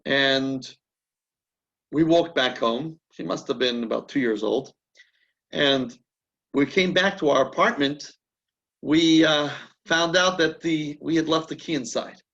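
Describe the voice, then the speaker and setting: A rabbinic class is led by a man whose slightly high voice has vocal fry and a fairly bright tone. Speaking a little slowly over lo-fi sound, he tells a story conversationally, mixing teaching with anecdotes. He keeps restarting sentences as he thinks out loud.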